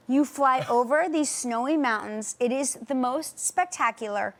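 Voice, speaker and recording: A woman's voice: sits high, measured pace. A middle-aged woman co-hosting a talk show, telling a story in casual chat and acting out the quotes. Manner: animated storyteller, acts out quotes.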